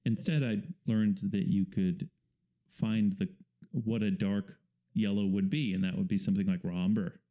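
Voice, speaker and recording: A man, a painter and the guest, talking casually in an interview and explaining things in a relaxed, rambling way with fillers. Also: on the low side, moderate pace, highs cut off.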